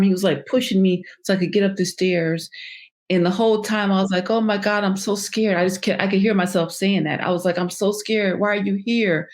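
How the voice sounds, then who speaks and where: A woman speaks as a podcast guest with a slightly low voice. Her story comes out haltingly, with many fillers, pauses and restarts. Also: a little mellow. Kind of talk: personal storytelling in an interview.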